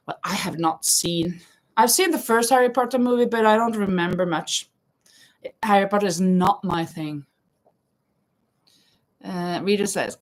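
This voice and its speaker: A woman's voice: medium pitch, slow pace, pauses often. A woman hosting a casual live stream, chatting while she crochets, reading viewer comments aloud and laughing often. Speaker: livestream host. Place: home in Spain.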